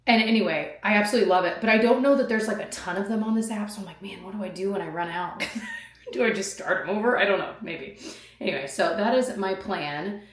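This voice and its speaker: A woman in her thirties chatting casually to camera as a vlogger, rambling with fillers and quick laughs. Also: medium pitch, lively intonation, husky. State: out of breath.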